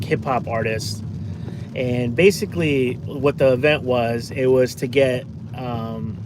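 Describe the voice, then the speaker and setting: A man in his forties chatting casually on a live stream from his car, rambling through stories with lots of fillers and restarts and reading out viewer comments, recorded on a phone. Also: mid-range voice. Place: in a car, driving around town. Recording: car and street noise behind.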